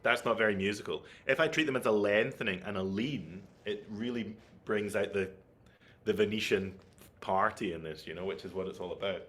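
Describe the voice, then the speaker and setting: A man's voice: lowish voice, brisk, fairly bright tone. A man giving an online flute masterclass, explaining technique and checking in with his listeners as he goes. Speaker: flute teacher.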